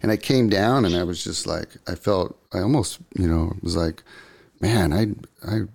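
An older man, a guest, telling a story in a casual, animated way, full of surfer slang and acted-out quotes. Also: sits low, moderate pace, vocal fry.

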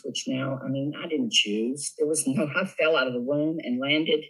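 An older man with a Southern US accent, telling lively, animated stories as a guest on an interview show. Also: mid-range voice, normal speed, husky, poor audio. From Southern United States. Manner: lively storyteller, animated, laughs often. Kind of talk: casual storytelling interview.

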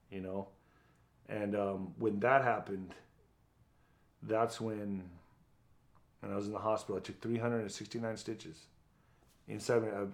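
Interview guest: low-pitched middle-aged man, blunt, profane storyteller. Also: a little mellow. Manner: blunt, profane, vivid retelling with acted quotes. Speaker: guest, former boxer.

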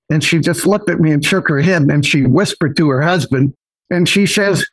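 A man's voice: a little high, moderate pace, no room sound, poor audio. An older man, a podcast guest, telling a personal story in a rambling, folksy way, often saying "so anyway".

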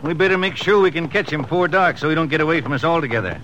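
An actor playing a skeptical country sheriff with a drawling rural way of speaking in an old radio drama. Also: male voice, a little high, rapid-fire, fairly bright tone, muffled recording, natural voice. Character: folksy, skeptical adult male Western sheriff. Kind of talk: 1950s radio drama acting. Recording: hissy old radio broadcast.

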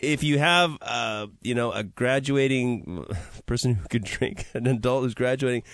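A man's voice: mid-range voice, unhurried, a bit bright, no echo. A man hosting a casual radio talk show from a studio, upbeat and chatty, laughing easily. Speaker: radio host.

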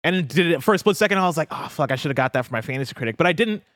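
A man co-hosting a casual gaming talk show, explaining a game in a rambling, animated way. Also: a little high, very fast, dry recording, studio quality. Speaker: podcast co-host. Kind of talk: casual chat.

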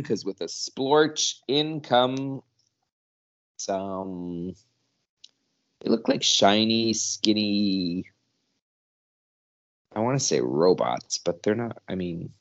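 A man recaps a cartoon episode in a low, gravelly voice. He speaks slowly but with a lively, swooping intonation as he retells the story. The lo-fi recording sounds dull. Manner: storytelling, acts out the dialogue. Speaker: podcast co-host.

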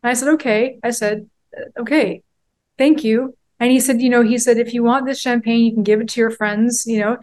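A woman's voice: on the high side, fairly even intonation, fairly quick, a little mellow. A woman in her forties, a podcast guest, telling a personal story in a heartfelt, rambling way with many fillers. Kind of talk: candid interview storytelling.

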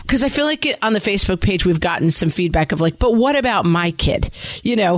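A woman in her forties co-hosts a parenting podcast, chatting in a lively, talkative way. Her voice sits at an ordinary pitch for a woman and is recorded dry and close, with no room sound. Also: dry recording. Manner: chatty, animated, acts out her kids' voices. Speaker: podcast co-host. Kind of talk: casual chat.

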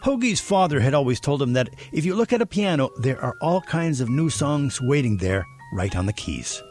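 A man reading scripted documentary narration as the reporter, in a measured storytelling way. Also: medium pitch, big pitch swings, over music.

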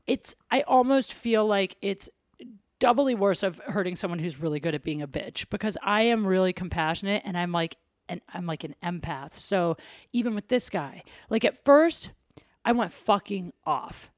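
A woman's voice: medium pitch, normal speed, no echo, clean studio sound. A woman hosting a podcast, talking candidly and confessionally in casual chat. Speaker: podcast host.

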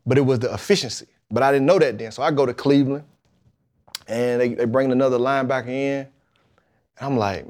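A man, telling a lively, colloquial story in a podcast interview and acting out the people in it. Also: mid-range voice, a little fast. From Mississippi, USA. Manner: animated storytelling, colloquial, acts out the voices of the people in his story. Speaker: guest, football player.

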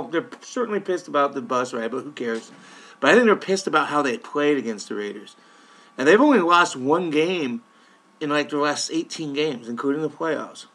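An opinionated man hosts a sports podcast in a casual monologue, speaking straight to his listeners. His voice sits a bit high for a man, and he often restarts and repeats words as he pushes his points. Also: a bit bright. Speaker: podcast host covering a football team.

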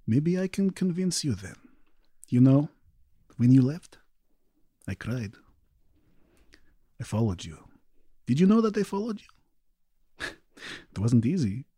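A man voicing a corrupted younger brother who speaks in a soft, sweet voice that slips into whispers. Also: medium pitch, very animated, slow, long pauses, husky, no room sound, clean studio sound, exaggerated voice. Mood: pleading.

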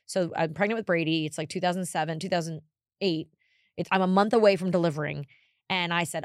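A woman in her forties co-hosting a podcast, telling stories in a casual, animated way with bursts of exasperated emphasis. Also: lowish voice, quick pace, no echo, clean studio sound. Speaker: podcast co-host. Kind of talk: casual chat, storytelling.

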